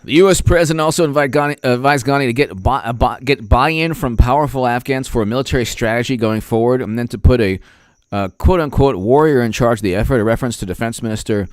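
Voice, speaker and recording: A man's voice: mid-range voice, fast talker, no echo, clean studio sound. A man giving political commentary on a vlog in a rambling, sarcastic way, often restarting his sentences.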